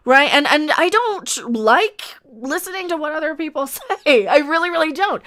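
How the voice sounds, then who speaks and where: High-pitched ranting woman streamer. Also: sing-song, normal speed, hardly any pauses, a bit bright. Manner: impassioned, ranting, reads viewer comments aloud. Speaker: livestream host. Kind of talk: casual commentary livestream.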